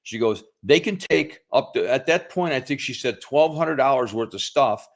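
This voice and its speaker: A middle-aged man chatting on a podcast, telling a story in a folksy way with pauses. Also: medium pitch, lively intonation. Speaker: podcast co-host. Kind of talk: casual political chat.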